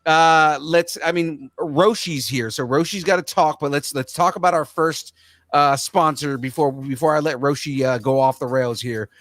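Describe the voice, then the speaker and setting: Excitable rambling male podcast host. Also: on the high side, moderate pace, no room sound, clean studio sound. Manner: excitable, rambling, laughs easily. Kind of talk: casual podcast chat and sponsor reads.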